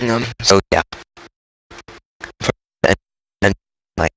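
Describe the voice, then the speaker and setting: A man's voice: low-pitched, very slow, a bit bright, a little hiss or hum, low-quality recording. A man with a cold, rambling and thinking aloud in casual commentary while he plays a video game, poking fun at himself as he goes. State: congested with a cold. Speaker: game streamer. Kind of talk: casual let's-play commentary.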